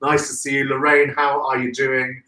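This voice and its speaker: A man's voice: medium pitch, monotone, normal speed, bright, forceful tone. A man hosting a live stream, chatty and effusive, greeting viewers by name. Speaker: host of a live florist show. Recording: echoey room, distant from mic.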